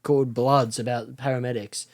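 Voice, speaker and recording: A man's voice: mid-range voice, level tone, normal speed, darkish tone. A man from Australia, a comedian guest on a podcast, rambling through a comic story and laughing often as he talks. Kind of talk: casual podcast chat.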